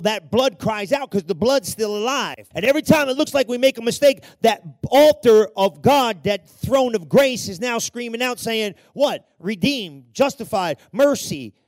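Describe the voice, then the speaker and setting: A man preaching an impassioned sermon, swinging between shouted peaks and hushed passages and acting out the voices in the story. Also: very high voice, no echo. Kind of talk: fiery sermon.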